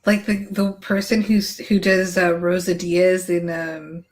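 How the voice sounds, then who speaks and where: A woman's voice: fairly low pitch, flat delivery, measured pace. A woman in casual chat, amused and laughing as she tells a story. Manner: amused, laughs while talking.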